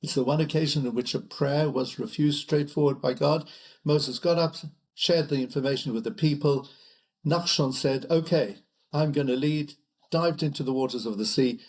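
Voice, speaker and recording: An older man, a chief rabbi, guest on an interview podcast, telling stories in a measured way. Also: medium pitch. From United Kingdom. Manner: measured, storytelling delivery. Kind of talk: interview conversation.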